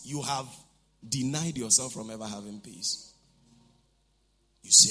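A man preaching a sermon, shifting from low asides to shouts as he acts out what people said. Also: a little slow, faint music behind.

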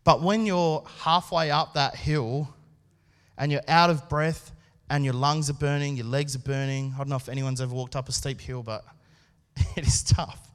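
A man preaching a sermon at a church service, speaking in an earnest, conversational way with pauses and restarts. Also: mid-range voice, fairly even intonation. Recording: long hall reverb.

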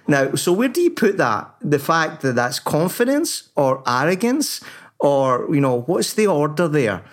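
A man's voice: fairly high pitch, sing-song, unhurried. A man co-hosting a casual talk show, chatty and rambling, full of fillers and restarts. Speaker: podcast co-host. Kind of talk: casual chat.

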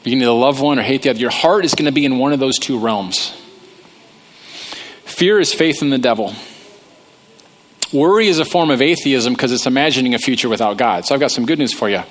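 A man's voice: medium pitch, a little fast, pauses often. A man preaching a humorous sermon, talking conversationally and joking about himself. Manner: joking, conversational, self-deprecating. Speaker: pastor.

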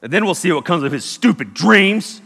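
A man's voice: sits high, expressive, normal speed, gravelly, noisy background. A man voicing scheming, jealous older brothers who talk in a blunt, plotting way. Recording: echoey hall.

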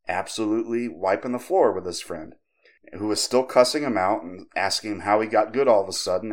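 A man hosting a podcast, casually telling a creepypasta story with profanity and lively quoted voices. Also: lowish voice. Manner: conversational, profane, animated when quoting others. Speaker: podcast host.

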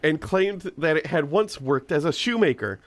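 A man with a somewhat high-pitched voice reads a ghost story aloud on a casual podcast. He often breaks off for joking asides. The sound is close and dry, with no room echo. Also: lively intonation, normal speed. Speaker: podcast host reading a story. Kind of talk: casual comedic podcast chat.

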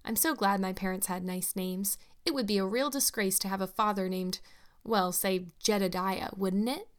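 A woman's voice: mid-range voice, normal speed, natural voice. A woman reading as a chatty, dreamy orphan girl. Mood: eager. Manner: eager, dreamy, talkative.

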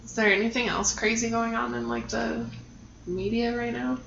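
A woman's voice: on the high side, little pitch movement, normal speed, creaky, a bit bright. A woman co-hosting a podcast in casual chat, blunt and joking, often laughing as she talks. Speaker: podcast co-host. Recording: echoey room, dull sound, background noise.

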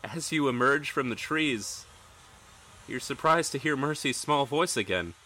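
A man's voice: mid-range voice, lively intonation, a little slow, pushed and bright. A man narrating a tabletop role-playing game as game master, telling the story in dramatic second person.

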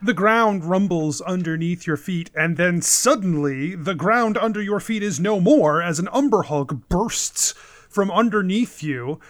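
Brief: man game master, high voice, slow measured narration, filler pauses. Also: expressive, a bit bright, no room sound. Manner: unhurried, often pausing with "uh".

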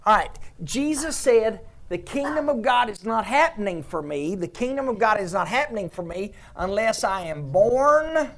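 A woman's voice: mid-range voice, animated, moderate pace, hardly any pauses. A woman preaching a sermon to her congregation, emphatic and repeating phrases for effect.

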